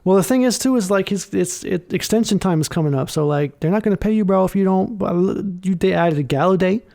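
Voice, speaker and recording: A man's voice: high voice, fairly quick, vocal fry, dark tone. A young man co-hosting a podcast, chatting loosely and animatedly about football and saying "bro" often. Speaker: podcast co-host. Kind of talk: casual sports chat.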